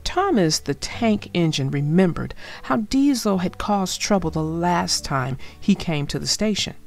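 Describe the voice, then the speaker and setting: A woman reading a children's story aloud with an expressive, gentle storybook delivery. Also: fairly low pitch, a little slow, soft background music.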